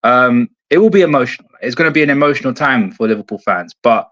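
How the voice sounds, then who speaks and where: A man's voice: mid-range voice, expressive, fast, fairly bright tone. A man calling in as a football fan guest, stunned and blunt, swearing, over an earphone mic. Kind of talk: casual podcast chat. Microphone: earphone mic on a call. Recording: dull lo-fi call audio.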